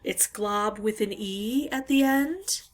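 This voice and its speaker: A woman hosting a word-game channel talks through a puzzle at an unhurried, drawn-out pace. She muses aloud, hesitating and filling gaps with "um", in a voice of middling pitch. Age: adult parent. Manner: musing, hesitant, pauses with "um". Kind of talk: thinking-aloud puzzle talkthrough.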